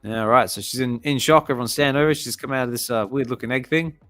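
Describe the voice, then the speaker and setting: A man reads a digital comic aloud at an easy pace, chatty and curious and thinking aloud as he goes. His voice sits at a middle pitch, recorded dry and close, with soft music playing behind him. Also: quick pace, no echo. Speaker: comic reading channel host. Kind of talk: casual relaxed comic reading with commentary.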